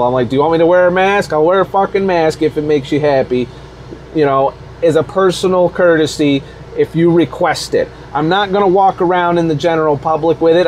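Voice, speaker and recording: A man's voice: high voice, darkish tone, slight background noise. A truck-driving man vlogging a heated rant, profane, fired-up and defiant. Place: out on the road.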